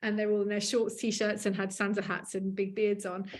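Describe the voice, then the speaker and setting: A woman hosting a podcast, telling stories in a lively, animated way. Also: mid-range voice, fairly quick. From Australia. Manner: animated storytelling, acts out quoted voices. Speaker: podcast host. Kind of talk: casual podcast chat.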